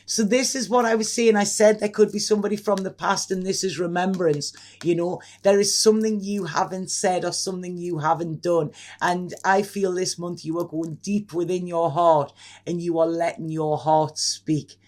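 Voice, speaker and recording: A man's voice: high voice, normal speed. A man giving a casual tarot reading to camera, effusive and rambling, often restarting and laughing. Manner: excitable. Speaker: tarot reader.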